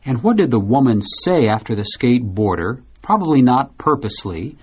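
A man from the United States hosting a radio English lesson, explaining a story and asking questions in a relaxed way. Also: medium pitch, moderate pace, slightly rough, dull audio. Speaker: English teacher and host.

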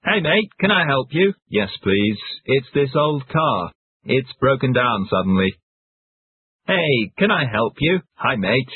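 A man reads short example phrases with a lively, up-and-down delivery. His voice is a little husky, close and dry, squeezed into a tinny, phone-like band. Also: medium pitch, slow, no echo. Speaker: English phrase teacher. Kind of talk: scripted example sentences.

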